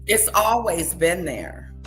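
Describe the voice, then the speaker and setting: A woman's voice: on the low side, very animated, slow, faint music behind, rough recording. A woman hosting a live stream, giving casual commentary and repeating her points for emphasis.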